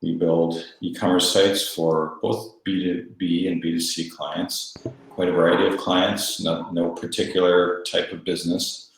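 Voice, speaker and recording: A man with a very low voice speaks as a guest in a matter-of-fact way, with dry humor. His voice rings in a strongly echoing room. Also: little pitch movement, measured pace, slight background noise. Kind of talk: casual interview talk. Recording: very echoey room.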